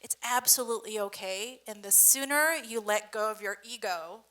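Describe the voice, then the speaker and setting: A woman with a bright voice offers earnest advice on a panel. She pauses often and fills the gaps with um. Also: medium pitch.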